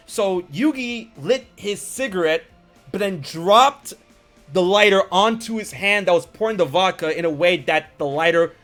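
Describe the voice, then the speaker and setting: Male podcast host, bright high voice, animated storyteller who swears a lot. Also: measured pace, faint music behind. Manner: animated storyteller, acts out characters, swears freely. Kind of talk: casual chat, retelling anime scenes.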